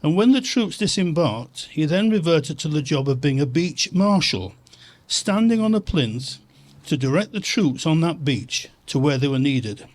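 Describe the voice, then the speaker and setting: A man with a fairly high voice delivers a formal speech into a microphone. He speaks in a steady, measured way, as a chairman addressing his guests. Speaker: chairman of trustees.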